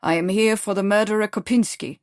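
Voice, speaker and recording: A woman's voice: medium pitch, a little fast, dry recording, clean studio sound, close to an everyday voice. A woman reading the lines of a cold, mocking male Russian secret police agent in an audiobook. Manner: calm, sneering, clipped.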